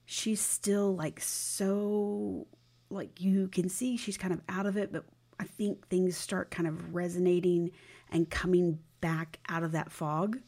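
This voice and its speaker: Woman, podcast host, mellow dark tone, gravelly fry, casual scene-by-scene recap, filler words. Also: lowish voice. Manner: storytelling recap with many fillers, drops into a whisper at times.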